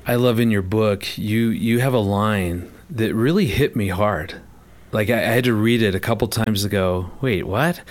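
Animated male storyteller hosting a chat. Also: on the low side, normal speed. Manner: animated storyteller, acts out quoted voices. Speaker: host. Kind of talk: casual chat.

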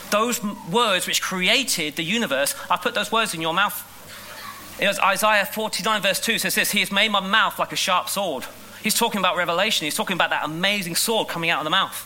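A man preaching a sermon in an animated, emphatic way, rushing through asides and slowing down on key lines. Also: high-pitched, a little hiss or hum, rough recording. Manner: animated, emphatic, shifts between quick asides and slow stressed lines. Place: school hall.

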